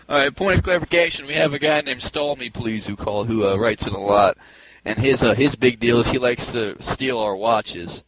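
A man's voice: normal speed, slight background noise, low-quality recording. A man co-hosting a podcast in casual chat, laughing often as he reads listener mail. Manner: laughs often, lively pitch. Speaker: podcast co-host.

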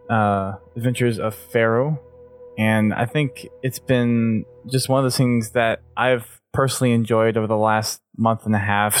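A man hosting a casual podcast, excitable, laughing often and trailing off mid-sentence. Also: mid-range voice, dry recording, studio quality. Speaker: podcast host.

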